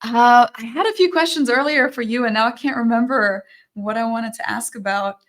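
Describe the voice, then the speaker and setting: A woman's voice: on the high side, normal speed, fairly bright tone. A German woman with a German accent, a guest on a podcast, explaining thoughtfully in casual conversation.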